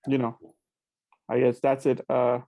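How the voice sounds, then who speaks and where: A man's voice: medium pitch, monotone, a little slow, gravelly, warm tone, no echo. A man hosting a casual football podcast, hedging his points with plenty of "I think" and fillers. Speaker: podcast host.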